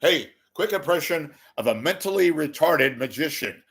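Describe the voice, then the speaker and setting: A man's voice: a little high, lively intonation, normal speed, fairly bright tone, husky. A man giving a rambling, self-mocking comedic monologue to his viewers, often swearing. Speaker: YouTube commentator.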